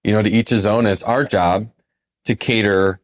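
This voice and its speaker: A man's voice: on the low side, normal speed. A man who works as a financial advisor, telling stories on a podcast and acting out what clients said. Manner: animated storyteller, acts out quoted clients. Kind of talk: casual podcast storytelling.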